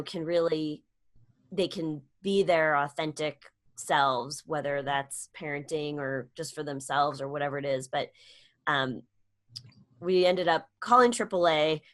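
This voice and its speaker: A middle-aged woman, a comedian and speaker, telling a personal story in a casual interview, acting out quoted lines with sudden high-voiced jumps. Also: a bit bright. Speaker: guest, comedian and public speaker.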